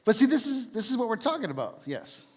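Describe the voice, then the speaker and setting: A man's voice: extremely high pitch, very animated, quick pace, husky, in a large hall. A man giving a casual, jokey church talk, asking the room questions as he goes.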